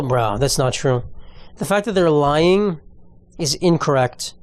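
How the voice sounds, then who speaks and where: A man's voice: on the high side, animated, takes it slowly, darkish tone. A young man hosting a podcast, reading news items aloud and riffing on them with slangy, casual asides. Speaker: podcast host. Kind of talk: casual comedic commentary.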